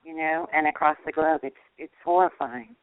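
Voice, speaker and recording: A woman caller with a smooth, clear voice that comes through a dry, narrow phone line. She speaks with heartfelt intensity and leans on repeated words for emphasis. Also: deep voice, steady tone, normal speed, dry recording. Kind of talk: casual call-in chat.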